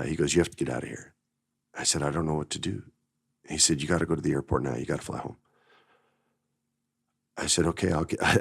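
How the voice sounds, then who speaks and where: A man's voice: extremely low pitch, no room sound, clean studio sound. A middle-aged man hosting a podcast, telling a personal story with emotion and getting choked up at times. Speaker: podcast host.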